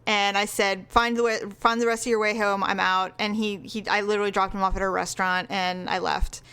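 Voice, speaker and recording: A woman co-hosting a podcast, telling a bad-date story in a frank, animated way, acting out the dialogue and laughing often. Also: medium pitch, fairly quick, clean tone. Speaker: podcast co-host. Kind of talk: casual storytelling chat.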